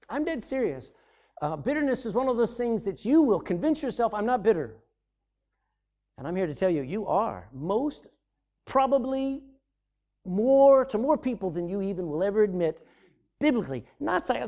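A middle-aged man preaching a sermon as pastor, swinging from loud emphasis to sudden hushed drops. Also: extremely high pitch, big pitch swings, moderate pace.

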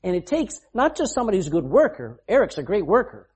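A man's voice: high voice, big pitch swings, fast, a little mellow, slightly rough. A man preaching a sermon as pastor, emphatic, reading scripture aloud and explaining it.

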